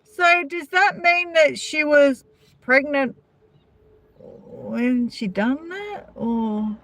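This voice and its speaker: A woman vlogger with an Australian accent chats with live viewers on a casual live-stream, gossiping and answering their comments by name. Her voice sits high and is a bit bright, and she speaks very slowly.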